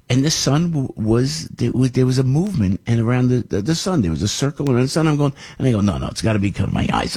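An older man hosting a radio show, telling a story in a rambling, animated way. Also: medium pitch, breathy edge. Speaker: radio host. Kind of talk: casual radio monologue.

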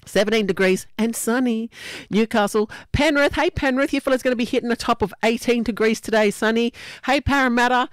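A woman with an Australian accent hosting a live breakfast radio show, chatty and upbeat and quick to laugh, speaking into a studio microphone. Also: fairly high pitch, clean tone, no echo.

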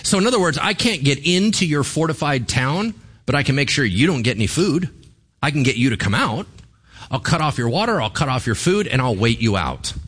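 A man preaching a sermon, telling a Bible story with lively asides and questions to the congregation. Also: mid-range voice, a little fast, husky. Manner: animated storytelling with asides to the audience. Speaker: pastor.

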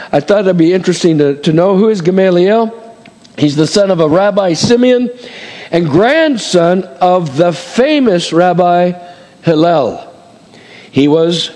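A middle-aged male pastor, his fairly high voice carrying a darkish tone, gives a homespun, conversational sermon loaded with asides and fillers. Everything he says rings out with a long, large-hall reverb.

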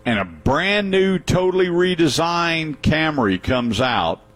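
A middle-aged man hosting a radio talk show, chatting and telling stories in a lively, joking way. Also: fairly high pitch, slow. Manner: chatty, lively storyteller with laughs.

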